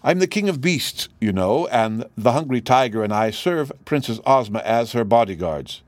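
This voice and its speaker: A man voicing a meek, mild-mannered male lion in a storybook reading, speaking politely and gently. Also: mid-range voice, lively intonation, normal speed, dry recording, natural voice.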